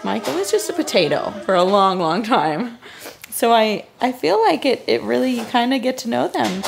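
A young pregnant woman chatting casually in a home vlog, tired but playful and quick to laugh. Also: a little high, very animated, gravelly. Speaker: vlogger and mother of two toddlers. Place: family home kitchen. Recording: noticeable background noise, clicks.

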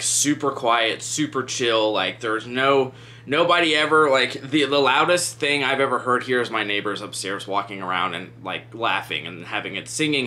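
A man's voice: mid-range voice, pushed and bright. A man casually chatting through a true crime story while doing his makeup, rambling with lots of "like" and "um". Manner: rambling, heavy use of "like" and "um".

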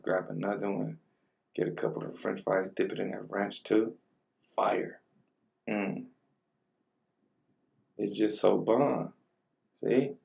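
Gravelly low-voiced young man vlogging. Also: darkish tone, distant mic. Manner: laid-back slang-heavy chatter between bites. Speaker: mukbang vlogger. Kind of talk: casual food vlog. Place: home room with colored lighting.

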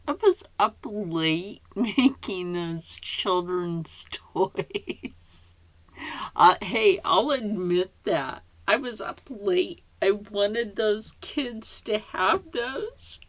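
An older woman chatting casually to camera as a channel host. She rambles softly, often slides into a half-whisper, and gets emotional and tearful at times. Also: medium pitch, sing-song, extremely slow, no echo.

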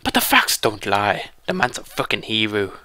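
A British man voicing an adult male army colonel's grim broadcast, read aloud in a flat, hushed way. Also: fairly low pitch, normal speed, dry recording, heavily acted.

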